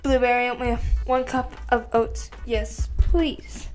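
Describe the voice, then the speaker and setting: A teenage girl talking through her study notes in a slow, offhand way and swearing casually. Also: fairly high pitch, little pitch movement, soft background music. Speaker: student.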